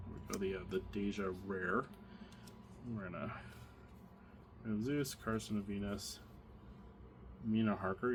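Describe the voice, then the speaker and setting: Low-voiced man opening card packs. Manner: thinking aloud, many fillers and restarts. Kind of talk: casual unboxing commentary. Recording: audible background noise, card crinkling.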